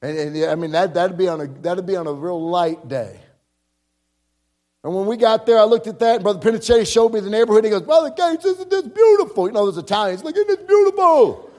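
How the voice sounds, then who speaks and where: A pastor tells a personal story in a storytelling sermon, acting out the voices of the people he quotes and often repeating words. He talks fast in a high, mellow voice.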